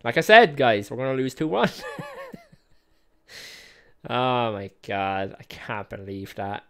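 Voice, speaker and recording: A man's voice: mid-range voice, sing-song, normal speed, gravelly, fairly bright tone. A man hosting a gaming video, calling the match play by play in a chatty, self-mocking way and laughing often. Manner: calls match action play by play. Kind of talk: casual let's-play commentary.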